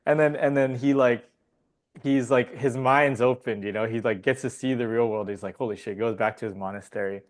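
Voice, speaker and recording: A man chats as a podcast guest, spinning a loose story with frequent laughs and casual swearing. His voice sits in a mid pitch, and he talks in an easy, rambling way. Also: steady tone, moderate pace.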